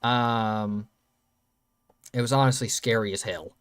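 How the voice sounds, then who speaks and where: A man's voice: fairly low pitch, steady tone, slow, clear, resonant tone, dry recording. A young man telling a wild story in casual, profane, rambling talk full of fillers and restarts. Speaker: channel host.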